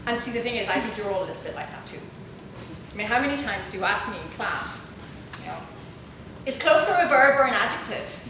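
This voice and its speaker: A middle-aged woman giving a humorous, self-mocking storytelling lecture as a university lecturer, lively and acting out quoted voices. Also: mid-range voice, fast talker. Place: university auditorium. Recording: echoey auditorium with audible room noise.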